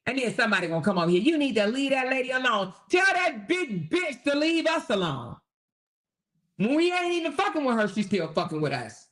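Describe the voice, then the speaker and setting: A woman's voice: a little high, a bit bright. A brash woman rants on her own livestream, combative and swearing freely. She talks straight to her viewers and keeps checking in with them as she goes. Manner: addresses viewers directly with repeated "okay?". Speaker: livestream host. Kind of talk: profane live-stream rant.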